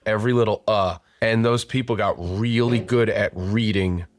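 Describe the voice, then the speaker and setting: A man hosting a podcast, talking in a relaxed, chatty way and speeding up when telling a story. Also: fairly low pitch, moderate pace, no room sound. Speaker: podcast host. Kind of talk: conversational podcast interview.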